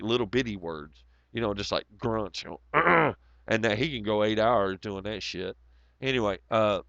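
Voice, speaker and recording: Hoarse, profane streamer. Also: male voice, medium pitch, fairly bright tone, dry recording, highs cut off. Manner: profane, rambling, sardonic. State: hoarse, voice nearly gone. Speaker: livestream host. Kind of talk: casual livestream chat.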